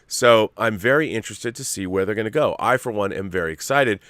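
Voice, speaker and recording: Guy hosting his own show, lowish voice, dry close sound, gets worked up and repeats himself a lot. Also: brisk, dry recording. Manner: animated, repeats words, many fillers. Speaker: show host. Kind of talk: casual commentary on a movie trailer.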